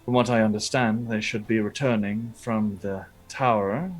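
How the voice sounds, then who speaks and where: A man voicing a male henchman who quietly plots an attack for his lord. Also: fairly low pitch, steady tone, normal speed, soft background music, natural voice. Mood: plotting. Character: loyal male henchman plotting a murder.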